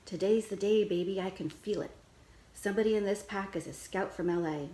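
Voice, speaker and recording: A woman's voice: fairly quick, mellow, roomy sound, lightly acted, poor audio. A woman voicing a brash, showy mother who introduces her daughter's performance like a circus ringmaster or a car salesman. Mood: eager. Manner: booming ringmaster showman voice.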